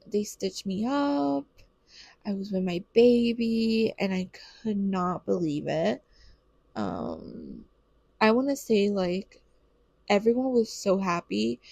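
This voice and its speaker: Young woman, casual storytelling, candid and expressive, vocal fry, dry close recording. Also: mid-range voice, no room sound. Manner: candid and expressive, swears freely, says "like" a lot. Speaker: new mom telling her birth story.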